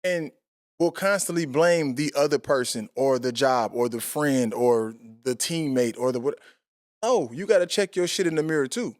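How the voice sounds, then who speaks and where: A man's voice: mid-range voice, animated, moderate pace, dry recording, studio quality. A man in his thirties hosting a podcast, talking bluntly and profanely in casual chat. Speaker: podcast host.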